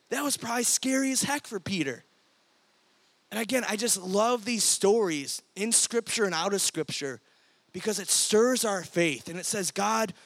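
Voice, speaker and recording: Young guy youth pastor, high voice, animated storytelling sermon, super dry sound. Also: dry recording. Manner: energetic storytelling, acts out quoted voices.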